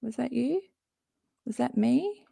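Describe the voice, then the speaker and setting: A woman reacts live to a stream in loose, casual commentary, rambling, swearing, laughing and cutting herself off. Her voice is fairly high, animated, mellow, creaky and breathy at the edges, and she takes her time. The recording is dry.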